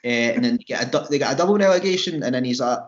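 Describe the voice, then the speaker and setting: A man, co-hosting a podcast, telling stories in an animated, rambling way. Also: mid-range voice, racing. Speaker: podcast co-host. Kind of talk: casual chat. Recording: dull lo-fi audio.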